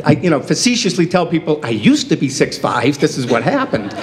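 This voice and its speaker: A man's voice: on the high side, sing-song, a little fast, background noise. A man in his fifties giving a humorous acceptance speech, self-deprecating and acting out quoted dialogue. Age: 50s. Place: hotel banquet hall.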